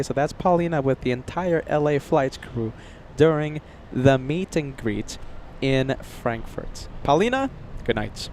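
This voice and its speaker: A man's voice: fairly high pitch, a little mellow, slight background noise. A man hosting a live plane spotting stream outdoors, chatting casually with viewers by name, sleepy and jet-lagged. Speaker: plane spotting livestream host. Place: outdoors near an airport.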